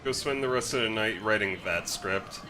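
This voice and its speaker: A man's voice: on the low side, moderate pace, music in the background. A young man co-hosting a casual podcast, talking in a dry, sardonic way. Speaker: podcast co-host. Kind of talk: casual chat.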